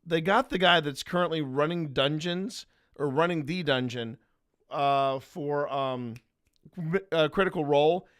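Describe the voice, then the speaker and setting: A man with a slightly high voice hosts a paranormal footage review in a loose, rambling chat. He circles back, restarts sentences and keeps it casual. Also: measured pace, a bit bright, clear, resonant tone. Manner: rambling, chatty, many restarts. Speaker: paranormal investigator host.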